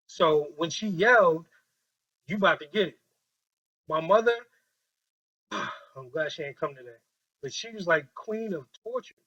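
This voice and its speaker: A man leading a training workshop with a group, talking in a lively, joking way and acting out quoted voices on a handheld mic. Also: high voice, slightly rough, poor audio.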